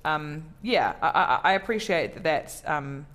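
Chatty woman comedian, low voice. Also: expressive, measured pace, a bit bright. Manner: chatty, self-deprecating, many fillers and restarts. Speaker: comedian guest. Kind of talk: casual interview chat.

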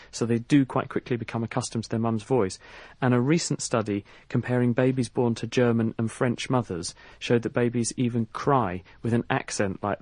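A man's voice: medium pitch, a little mellow, no room sound. Man explaining science on radio. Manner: fluent, enthusiastic explainer with occasional restarts. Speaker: science expert on a call-in radio show. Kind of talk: explaining answers to callers.

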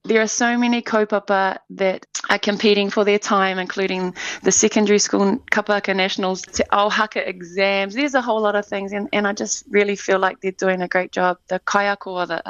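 A woman's voice: medium pitch, level tone, fairly bright tone, clean tone, no echo. Enthusiastic woman. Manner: enthusiastic, rapid explanations with frequent restarts. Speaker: artistic director. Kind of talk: radio interview guest. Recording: slightly muffled dry studio mic.

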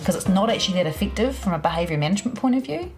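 A woman speaking as a parenting expert, explaining in a relaxed, practical, conversational way. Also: medium pitch, rapid-fire, over music. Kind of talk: explanatory interview talk.

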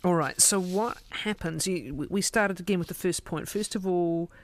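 A man's voice: high voice, moderate pace. A man interviewing a guest, restating her points before asking probing questions.

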